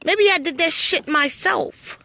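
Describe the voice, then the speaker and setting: A woman's voice: very high-pitched, unhurried, sharp tone, dry recording. A woman telling her spiritual story to live-stream viewers, blunt and full of swearing, preachy and storytelling. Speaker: livestream host.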